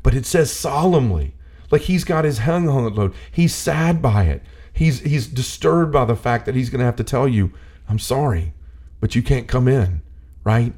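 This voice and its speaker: A man's voice: mid-range voice, expressive, normal speed, a little mellow. A man talking earnestly about faith in a casual discussion, full of "like" fillers, building to a preachy intensity.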